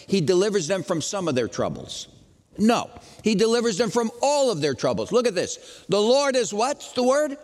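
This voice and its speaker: A man preaching an Easter sermon as pastor, dramatic, moving from loud questions to hushed lines. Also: high-pitched, big-room sound.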